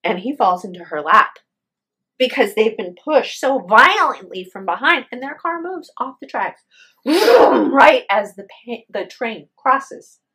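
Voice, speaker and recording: A woman's voice: a little high, lively intonation, unhurried, fairly bright tone, breathy edge. A woman telling a spoken ghost story with drama, acting out the voices of her characters.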